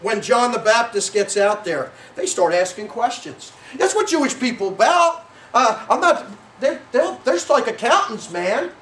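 A man's voice: very high-pitched, big pitch swings, moderate pace, few pauses, fairly bright tone. A middle-aged man preaching a sermon as pastor, rambling and correcting himself with many fillers. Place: church sanctuary. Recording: roomy church sound from a distant mic.

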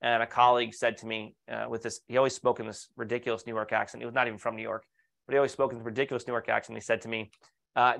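A man presenting a leadership webinar in an upbeat, persuasive way, at an ordinary middle pitch. He speaks straight to his audience, asking rhetorical questions and sharing client stories. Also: little pitch movement, racing, creaky, fairly bright tone. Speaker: leadership coach presenting to architects.

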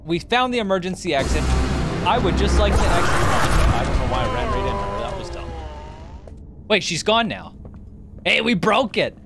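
A woman's voice: mid-range voice, expressive, normal speed, vocal fry, loud music behind the voice. A young woman streaming a horror game, panicking, swearing and laughing as she plays.

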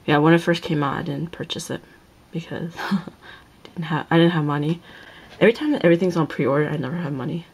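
A woman's voice: sits low, a little fast, darkish tone, husky, rough recording. A young woman gushing over an album as she unboxes it, exclaiming "oh my god" over and over and often slipping into a whisper. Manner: gushing, keeps repeating oh my god, drops into whispers. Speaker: unboxing vlogger. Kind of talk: excited casual unboxing chat.

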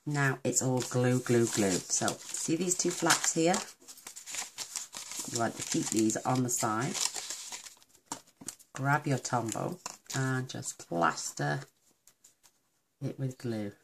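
A woman from the UK talks viewers through a card box tutorial in a relaxed, affectionate way. Her voice sits very low. Clicks and rustling paper carry under a noisy recording. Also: takes it slowly, pauses often. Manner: chatty and affectionate, talks while working. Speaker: craft demonstrator. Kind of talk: casual crafting tutorial.

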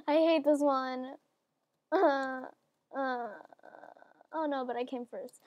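A woman with a stuffy nose giving excitable gameplay commentary, swinging from mumbling to loud squeals. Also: sits high, takes it slowly, pauses often, no room sound, studio quality. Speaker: gaming channel host.

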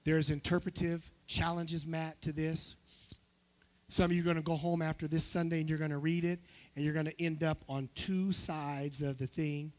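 A man preaching as pastor to his church, loud at times, calling on members of the congregation by name. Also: fairly high pitch, little pitch movement, normal speed. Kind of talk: sermon.

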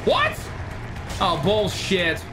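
A woman streaming a game live, excitable and trash-talking opponents while she swears and thanks her viewers. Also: mid-range voice, extremely slow. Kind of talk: live gameplay streaming commentary. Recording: game music playing underneath. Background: game music.

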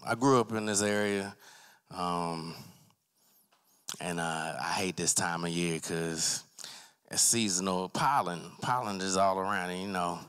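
Young guy w an aave rambling thru a standup set, lowish forceful voice. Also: smooth. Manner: loose, rambling, acts out characters in loud voices. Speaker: stand-up comic. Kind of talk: open mic stand-up set. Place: small arts center stage with a live audience.

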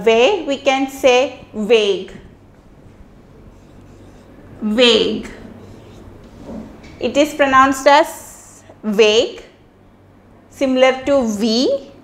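In a slow pronunciation lesson, a language teacher from India speaks Indian English in a fairly high voice. Each word comes out twice, with pauses between phrases; the room echoes and a little hiss or hum is audible.

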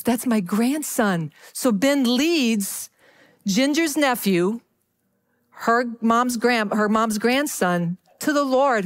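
Woman pastor, middle-aged, chatty storytelling sermon, animated, keeps checking in with the congregation. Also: a little high.

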